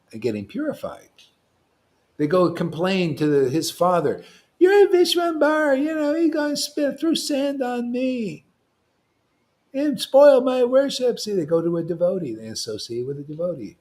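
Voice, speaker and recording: Male devotional teacher, informal preacher, high-ish voice, loose and slangy. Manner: animated, slangy, keeps saying "man".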